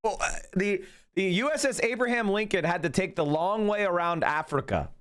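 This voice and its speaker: A man's voice: sits high, animated, normal speed, fairly bright tone, clear, resonant tone. A man streaming live, reading out news and reacting with sarcastic commentary, swearing freely. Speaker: political streamer.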